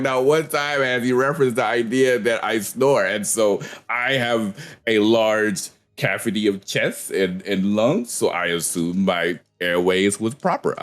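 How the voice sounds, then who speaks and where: A man's voice: mid-range voice, lightly acted. A man voicing a big-chested, earnest male adventurer who sounds puzzled yet self-assured.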